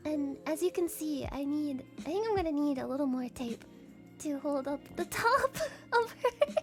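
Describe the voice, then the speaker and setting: A woman's voice: high-pitched, expressive, normal speed, soft background music. A woman streamer chatting casually to her live audience, giggling often, rambling and swearing freely.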